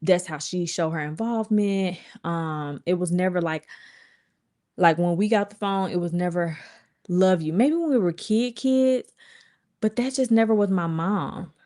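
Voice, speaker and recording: A woman with a fairly low voice chats candidly to her livestream viewers. She rambles through asides and quotes other people, speaking. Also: unhurried, dark tone. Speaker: vlogger and livestream host. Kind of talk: casual chat to viewers.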